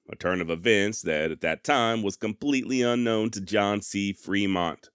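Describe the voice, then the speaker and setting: A man's voice: lowish voice, smooth, dry recording, clean studio sound. A man hosting a history podcast, joking at his own expense with a sarcastic, folksy humor. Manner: self-deprecating, sarcastic humor. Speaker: podcast host. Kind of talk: casual history podcast narration.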